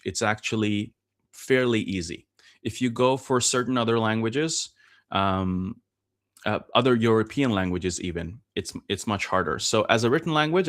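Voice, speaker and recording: A man who grew up in Norway, explaining things patiently in a casual podcast conversation, with frequent pauses and fillers. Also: medium pitch, a bit bright. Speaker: podcast guest.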